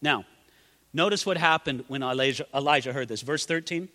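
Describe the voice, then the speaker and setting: A man's voice: medium pitch, fairly quick, pushed and bright, in a large hall. A man preaching a sermon, dramatically acting out quoted prayers in a raised voice. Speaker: pastor.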